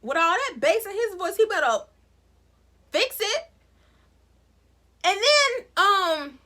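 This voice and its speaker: A woman recapping a TV episode with sassy, animated commentary. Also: very high voice, slow pace, pauses often. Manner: sassy, expressive storytelling with playful asides. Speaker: recap vlogger.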